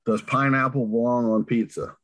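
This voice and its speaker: A man's voice: mid-range voice, steady tone, normal speed. A man hosting an interview, asking short questions in a playful, upbeat way. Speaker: interview host. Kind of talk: rapid-fire interview questions.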